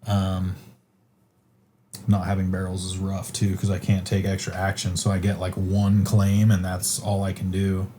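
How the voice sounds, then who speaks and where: A man with a lowish, mellow voice thinks out loud about his next board game move, hedging and filling pauses as he works it out. Faint room noise hangs underneath. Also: completely flat delivery. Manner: thinks aloud with hedges and fillers. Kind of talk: casual tabletop game play.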